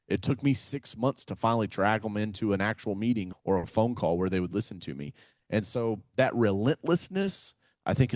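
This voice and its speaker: Man from Kentucky, energetic, folksy, animated storyteller, dry close sound. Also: fairly low pitch, no echo. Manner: energetic, animated storyteller who acts out phone calls; folksy, says "man" and "right?" often. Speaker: guest, real estate investor and author. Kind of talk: casual podcast interview.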